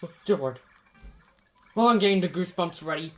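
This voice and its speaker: A woman playing a game, talking dramatically, taunting enemies, swearing and swinging between shouts and mutters. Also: lowish voice, expressive, fairly quick. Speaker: gamer.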